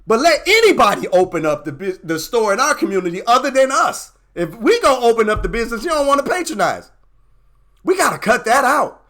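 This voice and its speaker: Fired-up male host, high voice that swings widely, preacher-like cadence. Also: very animated, a little fast, pushed and bright. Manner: fired-up, preaching, repetitive emphasis. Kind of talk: impassioned motivational talk.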